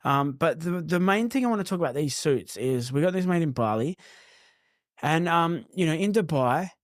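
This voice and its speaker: A man's voice: fairly high pitch, animated, moderate pace, no room sound, clean studio sound. A man with an Australian accent co-hosting a podcast, telling stories loosely and swearing freely. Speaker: podcast co-host. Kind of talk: casual podcast chat.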